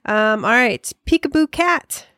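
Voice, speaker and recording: A woman co-hosting a podcast in casual chat, playful and quick to laugh as she reads listener mail. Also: fairly high pitch, lively intonation, a bit bright, no room sound, studio quality. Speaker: podcast co-host.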